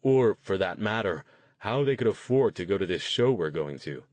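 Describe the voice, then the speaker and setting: A man voicing a jokey, excited young man who puts on a deeper voice. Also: normal speed, no room sound, natural voice. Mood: playful. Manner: deepened, playful voice.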